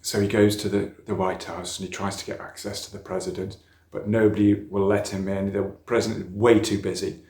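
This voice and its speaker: A man's voice: fairly low pitch, little pitch movement, fairly quick, a little mellow. Middle-aged man, storytelling sermon, roomy church sound. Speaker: speaker at a church youth talk. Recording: echoey church room.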